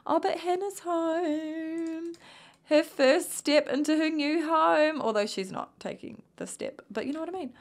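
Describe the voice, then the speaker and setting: Chatty high-voiced Kiwi woman gaming. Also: normal speed. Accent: New Zealand. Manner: chatty, rambling, talks to her sims. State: tired, yawning. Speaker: gaming youtuber. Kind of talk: casual gameplay commentary.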